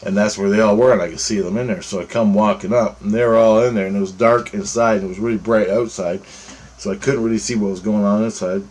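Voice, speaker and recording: Low-voiced man, rambling and profane. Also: fairly even intonation, quick pace, a little mellow. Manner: rambling, profane, restarts phrases. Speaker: storyteller recounting a dream. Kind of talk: casual spoken storytelling.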